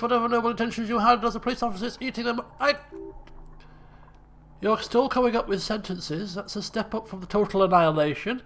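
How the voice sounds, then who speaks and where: A man commentating on a game he plays, excitable and full of exclamations. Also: very high voice, quick pace. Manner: excitable, exclamatory, laughing asides. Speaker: gameplay commentator. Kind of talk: let's play commentary.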